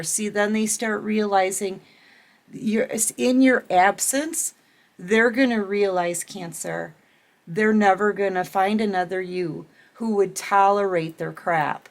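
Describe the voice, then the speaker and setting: Middle-aged woman, tarot reader, unhurried and emphatic, addresses the viewer directly. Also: mid-range voice. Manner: emphatic, repetitive, talks straight to the viewer. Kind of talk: casual tarot reading monologue.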